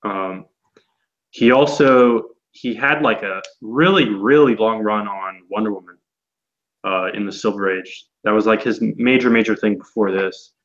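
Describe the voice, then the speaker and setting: A man co-hosting a casual comic book podcast, talking in a relaxed, rambling way with lots of fillers. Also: lowish voice, unhurried, lo-fi sound. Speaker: podcast co-host.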